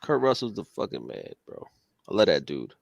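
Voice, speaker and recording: A man in casual chat, profane and excitable, repeating himself, his voice jumping up when he gets worked up. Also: deep voice, normal speed, creaky, no echo.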